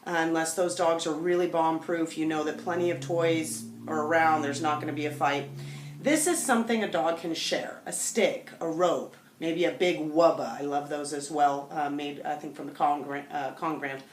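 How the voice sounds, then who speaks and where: A woman dog trainer calmly explaining a technique to viewers in a demonstration video. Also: low voice, normal speed, a little hiss or hum. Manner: calm, explanatory, talks directly to viewers. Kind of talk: instructional demonstration to camera. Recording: echoey room.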